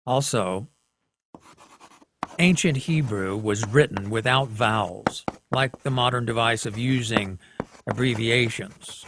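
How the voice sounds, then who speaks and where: A man teaching a class at a whiteboard, slow and deliberate, often checking in with the students. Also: mid-range voice, a bit bright, slight background noise.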